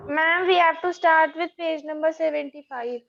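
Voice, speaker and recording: A female student gives short, polite replies in an online class. Her voice is high and stays very level. The audio is muffled and lo-fi. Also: fairly even intonation, normal speed, creaky. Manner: short polite answers to the teacher.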